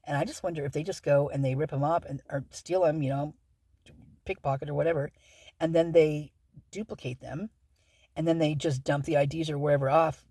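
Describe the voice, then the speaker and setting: Chatty woman reading aloud, mellow and dry. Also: deep voice, breathy edge, dry recording. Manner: rambling, chatty, with many fillers and self-corrections. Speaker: true-crime channel host. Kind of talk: casual commentary while reading a legal document.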